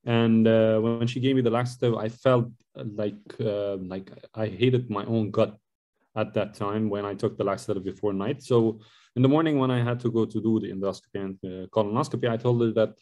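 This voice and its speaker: A man from Lebanon, telling his own story in an interview in a rambling, halting way. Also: lowish voice, darkish tone. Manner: rambling, with many fillers and restarts. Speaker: guest.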